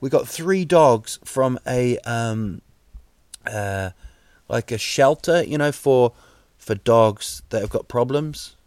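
A man talks in an unhurried, meandering way, often stopping to restart his sentences. His humor is wry and sarcastic, and his voice sits at an ordinary middle pitch. The sound is dry and close, with no room echo. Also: lively intonation, darkish tone. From New Zealand. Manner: rambling, halting, wry and sarcastic. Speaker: podcast host. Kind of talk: comic monologue.

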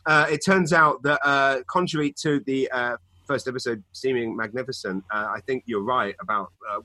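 A man co-hosting a podcast, chatting casually and telling animated stories full of fillers and restarts. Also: mid-range voice, normal speed, no echo. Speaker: podcast co-host. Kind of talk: casual chat. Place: home in Canada.

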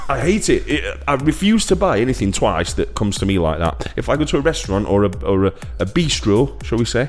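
Excitable man with a bouncy voice. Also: brisk, soft background music. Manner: excitable, ranting, jumps into high squeaky pitch. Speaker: podcast co-host. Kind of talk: casual comedic chat.

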